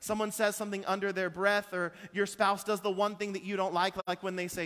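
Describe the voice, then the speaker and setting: A man's voice: high voice, brisk, hardly any pauses, a bit bright. A man preaching as a pastor, earnest and conversational, with asides to the congregation. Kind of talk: sermon. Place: church sanctuary. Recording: church hall with long reverb.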